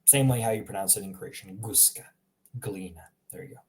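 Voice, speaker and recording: A man giving a casual language lesson, saying example words again and again in a relaxed way with small laughs. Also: fairly low pitch, racing. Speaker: language teacher.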